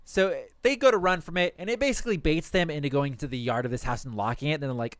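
A young man in casual chat, recapping anime episodes for a podcast with animated, quick storytelling and swearing. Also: a little high, no room sound, studio quality.

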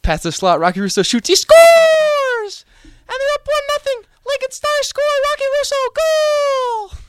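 Squealing hockey goal announcer. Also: male voice, big pitch swings, measured pace, slight background noise, exaggerated voice. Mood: ecstatic. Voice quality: very high-pitched, squealing. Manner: yelling goal call. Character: shrieking excited male hockey play-by-play announcer.

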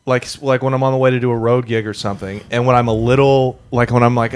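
A man's voice: medium pitch, fairly even intonation, quick pace, clean tone. A man guesting on a podcast as a comedian, joking and cursing in casual chat. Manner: profane, joking, sardonic.

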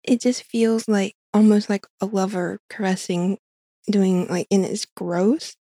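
Gravelly, husky woman co-host. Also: medium pitch, steady tone, unhurried, warm tone, no echo, studio quality. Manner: insistent, restarts mid-sentence. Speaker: podcast co-host. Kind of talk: casual fan discussion.

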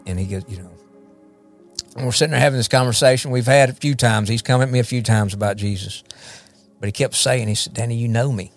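A man's voice: medium pitch, fast, faint music behind. A man shares his personal testimony as a podcast guest, rambling and repeating words as he talks. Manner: rambling, repeats words, often asks "you know what I mean?". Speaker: guest, recovery ministry leader.

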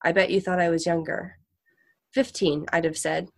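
Husky frail road boy, streetwise and fierce, put on by a woman reader. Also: on the low side, steady tone, normal speed. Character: frail, husky eighteen-year-old road boy, tough and fatalistic.

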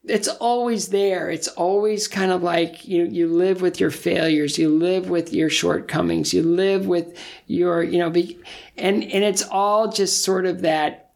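A man's voice: sits high, fairly even intonation, unhurried, gravelly. A middle-aged man, a guest in an interview, telling stories with self-deprecating humor. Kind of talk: casual interview storytelling.

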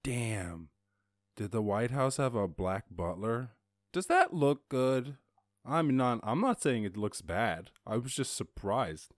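A man's voice: medium pitch, very animated, takes it slowly, no echo, studio quality. A man hosting a podcast, reading news headlines and riffing on them in a rambling, joking way, swearing now and then. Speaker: podcast host. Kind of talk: casual news commentary.

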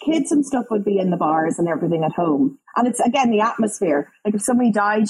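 A woman with a Dublin Irish accent chats as a guest on a talk show. Her voice is somewhat husky and sits at a middle pitch. She tells lively stories full of local slang. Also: fast, rough recording. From Ireland. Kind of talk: casual chat.

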